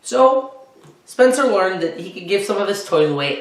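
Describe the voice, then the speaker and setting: A man, a teacher, reading a children's book aloud and talking warmly to young listeners. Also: a little high, expressive, moderate pace. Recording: roomy echo.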